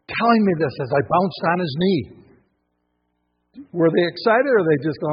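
A high-pitched, husky-voiced male preacher whose pitch swings widely as he fires off question after question. His playful sermon moves between near-hushed musings and loud bursts. The sound is dull and lo-fi, with a long hall reverb. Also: big pitch swings, normal speed. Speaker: pastor.

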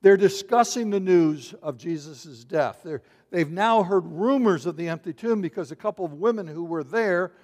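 A man delivers a sermon with a high voice, and the sound rings out with long reverb from a large room. He tells the story with humor and acts out quick voices for the people in it. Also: lively intonation. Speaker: pastor.

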